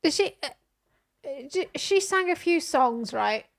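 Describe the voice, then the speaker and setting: A woman streamer reading news posts aloud and reacting in a casual, animated way, with exclamations. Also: high voice, a little slow, gravelly.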